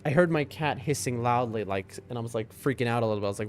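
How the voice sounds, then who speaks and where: A man streaming a game live, rambling casually to his chat in a mid-range voice. His talk wanders freely from one topic to the next. Faint music runs quietly in the background. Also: fast, few pauses. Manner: chatty and rambling, talks to his chat, soft high voice when talking to his cats.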